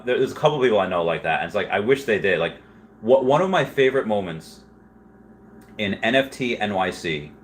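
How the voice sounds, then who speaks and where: A man with a somewhat low voice rambles through a casual livestream, reacting to chat messages. He is animated and laughs easily. A faint room noise sits underneath. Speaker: streamer reading live chat.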